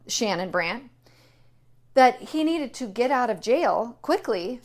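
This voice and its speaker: A woman giving an indignant, emphatic political opinion monologue, repeating her key phrases. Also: fairly high pitch. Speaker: political commentator.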